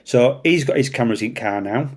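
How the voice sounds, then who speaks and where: Yorkshire man telling a lively anecdote. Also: mid-range voice, a little fast. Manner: animated, swears freely, acts out voices in anecdotes. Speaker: traffic police officer, guest. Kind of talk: casual storytelling.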